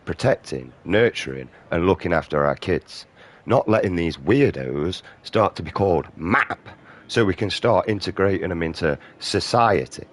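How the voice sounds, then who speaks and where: A man's voice: low-pitched, lively intonation, normal speed. A British man in his thirties ranting profanely as he comments over his gameplay. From Britain. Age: 30s. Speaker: gaming streamer.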